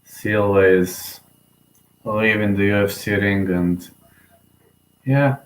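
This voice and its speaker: A young man giving live, emotional fan commentary on a fight, excitable and often repeating himself. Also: on the low side, slow, a little hiss or hum. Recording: roomy echo.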